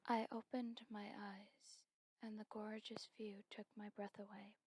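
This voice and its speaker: A woman narrating her own story in a soft, steady whispered role-play. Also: medium pitch, measured pace, husky, poor audio.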